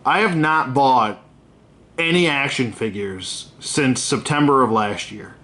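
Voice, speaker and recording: A man's voice: mid-range voice, slow pace, pushed and bright. A man reviewing action figures in a casual, rambling way. He is candid and gripes openly, swearing freely, with plenty of fillers and self-corrections.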